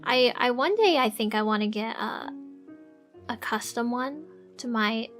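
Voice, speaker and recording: High-voiced woman chatting slowly on stream. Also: soft background music. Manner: soft-spoken, halting, giggly, many fillers. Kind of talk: casual live-stream chat. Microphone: desk microphone.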